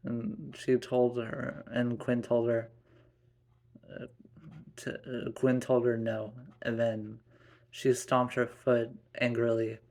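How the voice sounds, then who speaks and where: A man narrating a first-person family story in a halting way, with many restarts. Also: mid-range voice, monotone, vocal fry, a little mellow.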